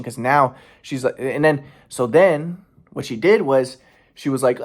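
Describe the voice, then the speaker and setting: A man's voice: mid-range voice, measured pace. A man in a casual personal monologue, rambling and repeating himself, aggrieved and swearing heavily. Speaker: vlogger.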